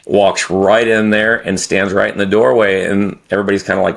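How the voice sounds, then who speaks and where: A middle-aged man tells a story in a low, gravelly voice. He rambles, swears casually and stops to restart his sentences mid-thought. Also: flat delivery, fairly quick. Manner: rambling, profane, restarts often. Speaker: podcast guest.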